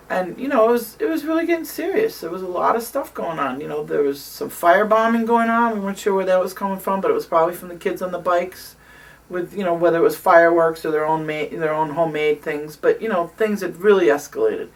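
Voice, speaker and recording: An older woman, around sixty, recalls events in an oral history interview. She tells her stories in an animated way, full of fillers, in a lowish voice. The mic sits a bit away from her. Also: fast talker, recorded from a distance. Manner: animated storytelling with many fillers.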